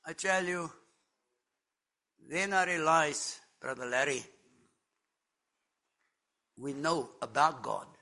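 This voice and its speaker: Casting note: older man, slow and deliberate, bright forceful tone, church testimony. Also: on the high side, expressive. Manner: earnest and emphatic, with slow deliberate phrasing. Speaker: church member giving testimony. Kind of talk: sermon testimony.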